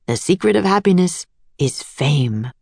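A woman's voice: fairly low pitch, animated, measured pace, creaky, darkish tone, dry recording, heavily acted. A woman reading aloud, voicing a cheerful, gracious and rather boastful master artist in a storybook. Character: grand, cheerful man, an older artist genius.

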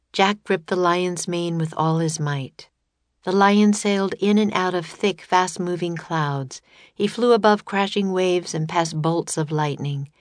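Woman, storybook narrator, lower voice, dry recording, steady reading. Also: no room sound. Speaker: audiobook narrator. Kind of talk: scripted narration.

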